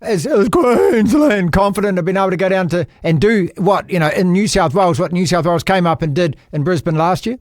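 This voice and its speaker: A man's voice: high-pitched, brisk, hardly any pauses, dry recording, clean studio sound. A New Zealand man hosting a radio sports chat, blunt and teasing. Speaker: radio host. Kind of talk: casual chat.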